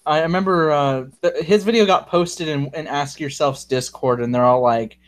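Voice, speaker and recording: A man's voice: on the high side, normal speed. A man in a casual group voice chat, mocking and laughing, swearing heavily.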